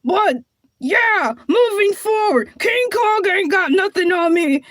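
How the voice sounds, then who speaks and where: A woman voicing a boastful male cartoon shark who hosts a comedy show, squeaky and sing-song with frequent sighs. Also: expressive, takes it slowly, fairly bright tone, no room sound, studio quality, full character voice. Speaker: show host. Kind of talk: comedy character monologue.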